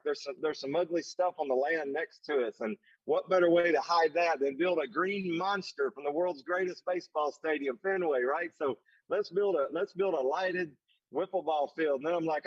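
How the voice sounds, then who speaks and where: A man with a lilt, his voice sitting a little high, delivering an emphatic, folksy motivational talk. He drives points home by repeating himself. The sound is dry and slightly dull. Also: normal speed, breathy edge, no room sound. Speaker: leadership summit speaker. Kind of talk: motivational speech.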